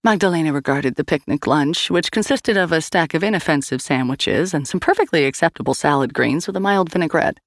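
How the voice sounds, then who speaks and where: A woman narrating a scripted story in an expressive, wry manner. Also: low-pitched, a little fast, hardly any pauses, dry recording, studio quality. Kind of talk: scripted audio-drama narration.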